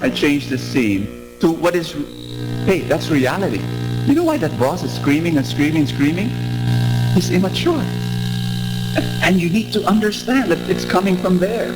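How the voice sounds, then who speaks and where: A man preaching a sermon in a large church, animated and drawing the audience in with questions. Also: on the high side, moderate pace. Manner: animated, asks audience to respond. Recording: echoey hall with music behind.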